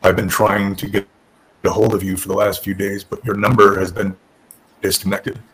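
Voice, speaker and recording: A man imitating a monotone booker. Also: sits low, normal speed, pitched below the performer's own voice, rough recording. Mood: deadpan. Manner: deadpan monotone. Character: flat monotone male wrestling booker.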